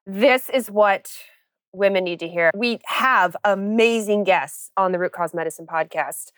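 Smooth-voiced enthusiastic woman podcast host. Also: mid-range voice, a little slow, no room sound, clean studio sound. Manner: enthusiastic, affirming. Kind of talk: podcast interview.

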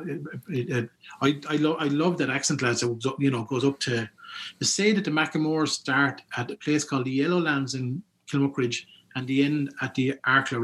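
A man's voice: mid-range voice, a bit bright. A man with an Irish accent, chatting casually about folklore he collected, rambling with lots of restarts and asides. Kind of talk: casual storytelling chat.

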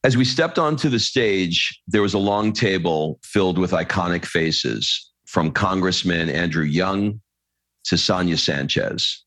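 Low-voiced man, animated podcast host. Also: dry recording. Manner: animated, swears casually, quick asides. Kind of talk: interview, reading a passage aloud.

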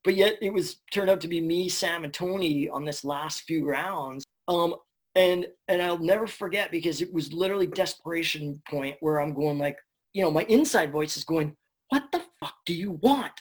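A man, a voice actor, telling stories in a casual interview, chatty and animated, swearing now and then. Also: on the high side, normal speed. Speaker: voice actor guest.

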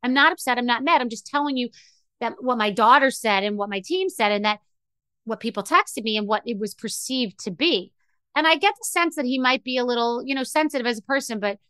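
Bright-voiced woman in emotional podcast monologue. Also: fairly high pitch, clean tone, dry recording. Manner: emotional, rambling storytelling with many restarts. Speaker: podcast host. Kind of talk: candid monologue.

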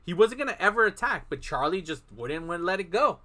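Bright-voiced man retelling a film. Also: high voice, fast talker. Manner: animated retelling, acts out characters' lines. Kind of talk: casual chat retelling a film plot.

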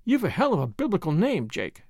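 A woman's voice: lowish voice, wildly swooping pitch, a little fast, a little mellow, husky, dry recording, studio quality, heavily acted. A man voicing a flirtatious, breezy society woman with clipped upper-class phrasing.

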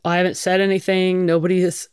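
A woman's voice: lowish voice, level tone, fast talker, darkish tone, clean tone, dry recording, studio quality. A middle-aged woman, a firefighter, telling her story frankly in an interview, swearing casually and restarting her sentences often. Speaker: guest, firefighter.

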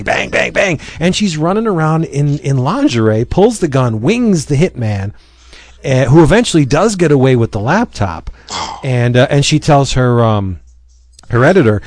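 Animated man retelling a comic. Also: medium pitch, moderate pace, no room sound. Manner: animated storyteller, acts out lines with many fillers. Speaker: podcast host reviewing comics. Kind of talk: casual chat.

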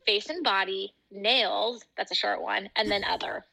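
A woman's voice: mid-range voice, fairly even intonation, a little slow, vocal fry, bright, forceful tone, rough recording. A young woman co-hosting a podcast, chatting casually and telling upbeat stories full of "like" fillers. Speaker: podcast co-host. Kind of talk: casual chat.

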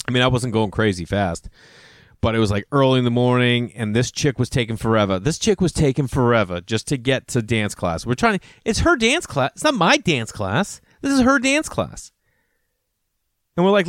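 A man's voice: medium pitch, very animated, a little fast, no room sound, studio quality. A man in his thirties telling rambling, profane stories in a casual monologue, acting out both sides of each conversation.

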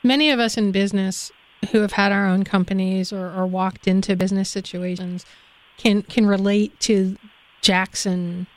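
A woman's voice: medium pitch, fairly even intonation, normal speed. A female radio host asking an author guest questions in an engaged, conversational way. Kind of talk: radio interview.

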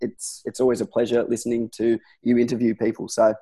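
Easygoing aussie guy, warm husky voice, lots of ums. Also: medium pitch, monotone, fairly quick. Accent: Australian. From Australia. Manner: laid-back, easygoing, hesitant with ums. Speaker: guest designer and letterer. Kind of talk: casual interview chat.

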